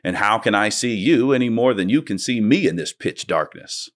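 A man reading aloud and voicing a surly, scornful male dwarf in a gruff, raised voice. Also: fairly low pitch, animated, moderate pace, natural voice.

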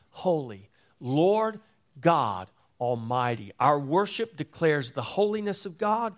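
Slow, emphatic preacher with a higher voice. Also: male voice. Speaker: pastor. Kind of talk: sermon.

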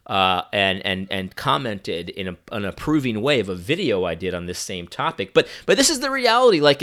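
A young man giving a sarcastic, animated opinion monologue full of restarts. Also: medium pitch. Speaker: commentator.

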